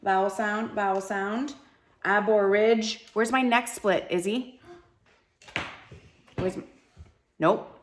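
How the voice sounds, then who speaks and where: Woman teacher, phonics lesson, slow drawn-out syllables, encouraging, mid-pitched voice. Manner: upbeat and encouraging with students. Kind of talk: live classroom phonics lesson.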